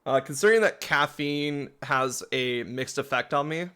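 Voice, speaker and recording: A man's voice: medium pitch, normal speed, bright, forceful tone, clean tone. A man giving casual, rambling commentary while playing a game, often laughing.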